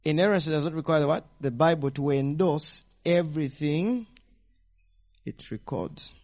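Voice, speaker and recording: A man preaching a teaching sermon, animated and firing rhetorical questions at the congregation. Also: fairly high pitch, moderate pace. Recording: dull lo-fi sound.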